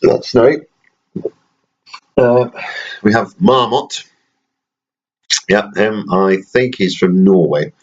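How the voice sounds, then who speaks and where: A father in his thirties talks at home to his baby in a rambling, gently joking way, full of dry asides. His voice is low, and the home recording sounds dull and lo-fi. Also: slow pace, pauses often. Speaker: father recording a bedtime video. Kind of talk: casual bedtime chat to a baby.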